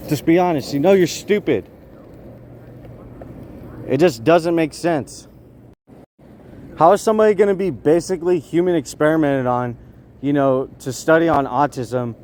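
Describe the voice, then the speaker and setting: A young man ranting in a rambling street vlog, agitated, swinging from loud outbursts to low muttering. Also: normal speed, pauses often, slight background noise. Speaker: vlogger.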